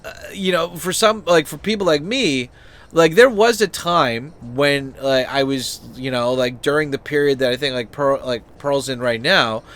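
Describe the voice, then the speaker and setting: A man's voice: medium pitch, moderate pace, fairly bright tone. A man hosting a channel, talking in a loose, rambling way with lots of fillers, restarts and swearing. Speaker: channel host. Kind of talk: casual opinion chat.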